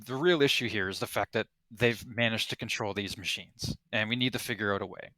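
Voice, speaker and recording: Man as a commanding rebel leader; bright, forward tone. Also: lowish voice, fairly quick, dry recording. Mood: briefing. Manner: briefing with hesitations, plain and direct. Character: male resistance leader, steady and commanding. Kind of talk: tabletop role-play voice.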